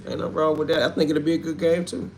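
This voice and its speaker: A man hosting a casual livestream, reading out viewer comments and answering them with loud, animated trash talk. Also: fairly high pitch, fast, slight background noise. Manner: trash-talking, animated, street slang. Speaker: livestream host.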